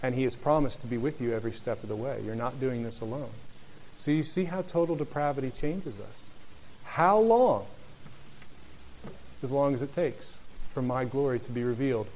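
A man preaching a sermon, reading scripture and acting out the speakers, then growing soft and low at the end. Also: moderate pace, slight background noise. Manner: animated, acts out voices in quotes, drops soft and low near the end. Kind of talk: sermon, Bible teaching.

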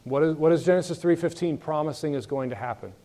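Male Bible teacher, slightly higher voice, conversational, questions the class. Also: quick pace, warm tone.

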